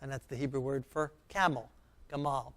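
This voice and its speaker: A man teaching a beginner Hebrew lesson, speaking slowly and patiently and repeating each sound and word for learners. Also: mid-range voice, steady tone, fairly bright tone.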